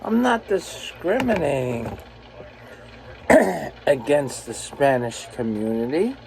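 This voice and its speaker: A gravelly, medium-pitched man in his forties, a US truck driver, films himself on his phone in the truck cab, ranting angrily and profanely in a slow, animated, rambling way. The audio is poor, with slight background noise.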